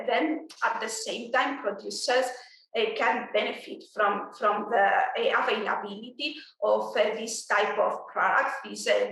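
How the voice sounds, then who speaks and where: A woman speaking as an industry guest in a business interview, measured, with frequent fillers and restarts. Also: fairly high pitch, sharp tone, very echoey, distant mic, poor audio.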